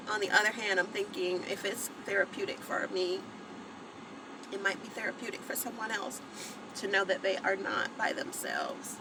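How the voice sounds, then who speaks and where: A woman's voice: mid-range voice, pushed and bright, a little hiss or hum, poor audio. A woman in her forties hosting a live vlog broadcast, talking to her viewers in a heartfelt, rambling way. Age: 40s. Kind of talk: emotional live-stream chat with viewers.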